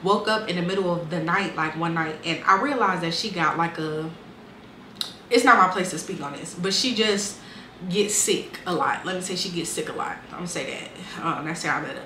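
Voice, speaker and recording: A woman's voice: fairly low pitch, normal speed, bright, forceful tone. A young woman, telling her life story casually and bluntly, swearing freely and acting out what people said. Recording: echoey room with faint ambient noise.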